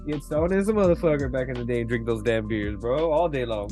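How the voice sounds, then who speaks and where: A man's voice: mid-range voice, expressive, fast talker, dark tone, soft background music. A young man hosting a podcast, telling loose, profane stories in casual chat and laughing often. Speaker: podcast host.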